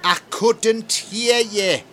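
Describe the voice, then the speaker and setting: A man's voice: a little high, huge pitch swings, moderate pace, sharp tone, slight background noise, full character voice. Man playing a polite, dim shop assistant. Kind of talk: comedy audio play acting.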